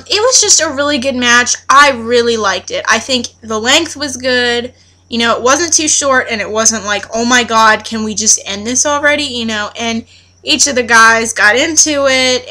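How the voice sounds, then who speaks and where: A young woman recapping a wrestling show in a chatty, excitable vlog rant. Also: fairly high pitch. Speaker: wrestling fan vlogger. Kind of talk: casual ranting recap.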